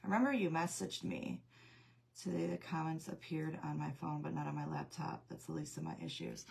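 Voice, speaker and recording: A woman's voice: sits low, animated, a little fast, gravelly, a little mellow, slight background noise. A woman hosting a craft livestream, chatting casually with viewers and greeting them by name while she works, her voice going in and out.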